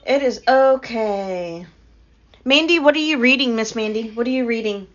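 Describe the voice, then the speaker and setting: A chatty woman hosts a casual livestream, laughing often and talking to her chat. Her voice sits a little high at a moderate pace, and the stream audio is dull and lo-fi.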